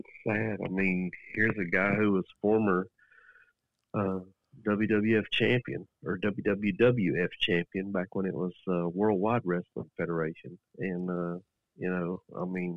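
A man's voice: low-pitched, dry recording. A man co-hosting a podcast in casual chat, brief and matter-of-fact. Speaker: podcast co-host. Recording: tinny phone-like line.

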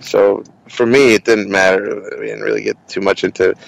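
A man who hosts a comedy interview podcast, telling stories in an animated, casual way with lots of restarts. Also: on the low side, moderate pace, vocal fry, low-quality recording. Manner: animated, many restarts and quoted voices.

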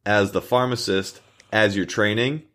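A man's voice: fairly low pitch, steady tone, unhurried, fairly bright tone. A young man, a podcast co-host, telling long workplace stories in casual chat, full of fillers and little acted quotes. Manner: rambling anecdotes with acted quotes, frequent fillers.

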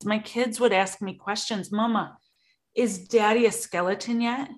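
A woman's voice: medium pitch, measured pace. Earnest widowed mother telling her story. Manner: earnest, animated when recounting. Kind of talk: interview storytelling.

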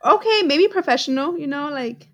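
A woman's voice: high voice, animated, moderate pace, no room sound. A woman co-hosting a podcast, chatting casually and playfully, often joking and then saying she is kidding. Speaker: podcast co-host. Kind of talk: casual chat, slang guessing game.

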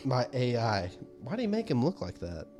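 A man co-hosting a casual podcast chat, an animated storyteller who laughs often. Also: mid-range voice, normal speed, faint music behind. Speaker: podcast co-host.

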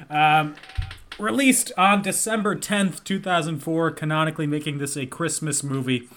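A man with a bright, forceful voice set a little high for a man, co-hosting a chatty podcast. He reads through cast lists and box office numbers in a playful, joking way. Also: unhurried, long pauses. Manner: reads out film facts in a listing, playful tone. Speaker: podcast co-host. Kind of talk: casual chat.

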